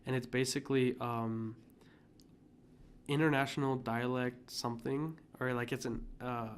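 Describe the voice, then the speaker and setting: A man's voice: medium pitch, fairly even intonation, a little slow, slight background noise. A young man hosting a podcast, chatting casually and rambling with many fillers. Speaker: podcast host. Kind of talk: casual chat.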